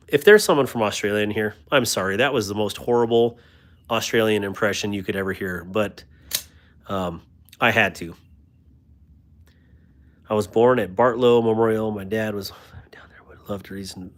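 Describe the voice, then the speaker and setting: He's the host of a laid-back knife livestream, a man with a lower voice who talks at a moderate pace with long pauses. Chatty and quick to poke fun at himself, he reads viewer comments, talks knives and offers warm thanks to those watching.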